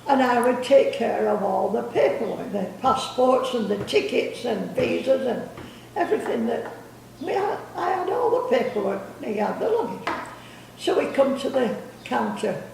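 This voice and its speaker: A woman's voice: fairly high pitch, animated, normal speed, vocal fry, darkish tone, a little hiss or hum. An older woman telling rambling family stories, repeating words and laughing as she goes. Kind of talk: casual storytelling. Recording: echoey room, distant mic.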